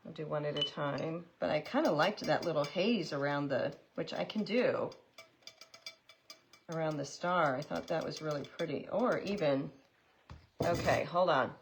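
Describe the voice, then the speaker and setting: A woman's voice: low-pitched, normal speed, creaky, a little hiss or hum. A woman hosting a live craft tutorial, chatting with viewers in an upbeat way while she works. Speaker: craft host.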